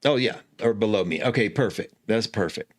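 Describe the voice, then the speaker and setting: A man hosting an astrology show, explaining a chart in a chatty, animated way that keeps correcting itself, with easy laughs. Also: on the low side, brisk. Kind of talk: casual teaching talk.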